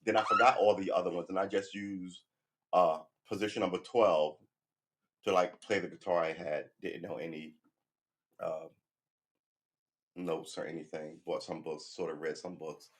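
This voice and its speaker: A man's voice: deep voice, steady tone, normal speed, long pauses. A middle-aged man livestreaming his guitar practice from his sofa at home, chatting casually into a nearby desk mic with rambling, self-deprecating, profane pep talk. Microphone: desk microphone close by.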